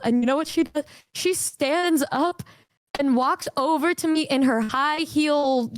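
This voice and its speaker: A young woman with a fairly high voice tells a rambling personal story in a casual streaming chat, acting out other people's lines in a brighter, higher pitch. The sound is dry and close, with no room around her. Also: a little slow, dry recording. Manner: animated, acts out quotes in a higher voice, swears casually.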